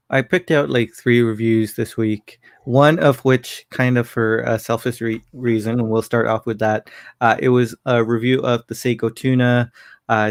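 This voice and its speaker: A man co-hosting a casual livestream, laughing easily and talking through watch video reviews in a relaxed, rambling way. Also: medium pitch, no room sound, clean studio sound. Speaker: co-host.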